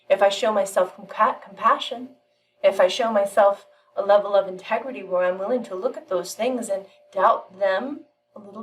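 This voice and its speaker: A woman giving a channeled spiritual teaching, telling a parable in a calm, measured way with frequent pauses. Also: mid-range voice, recorded from a distance, a little hiss or hum, poor audio.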